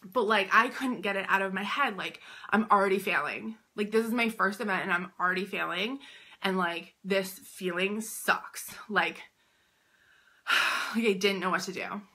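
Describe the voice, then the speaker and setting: A woman's voice: medium pitch, moderate pace. A woman and boutique owner telling a story to camera in a casual, chatty way, with "like" in nearly every phrase. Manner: chatty, heavy use of "like", animated retelling. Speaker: boutique owner and business coach.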